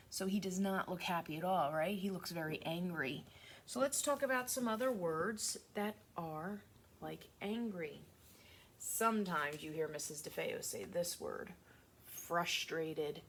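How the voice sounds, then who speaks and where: A woman teacher giving a remote lesson to young children, speaking slowly and in a sing-song way. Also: mid-range voice, a little hiss or hum.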